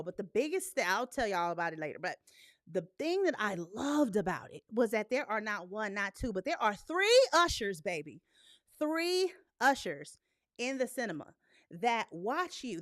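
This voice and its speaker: A young woman hosting a live movie talk stream in casual, blunt, profane chat, animated and laughing often. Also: mid-range voice, no room sound, clean studio sound.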